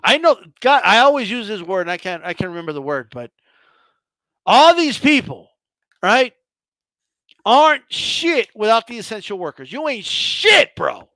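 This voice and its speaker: High-voiced man on a profane rant. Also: big pitch swings, moderate pace, long pauses, bright, forceful tone, no room sound. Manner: heated, profane, stammering restarts. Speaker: boxing channel host.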